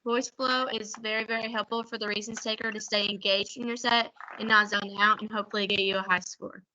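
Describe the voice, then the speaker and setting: A teenage girl presents at an online youth workshop. She talks fast and chatty, with a slight stutter. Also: mid-range voice, level tone, sharp tone, a little hiss or hum, low-quality recording. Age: teens.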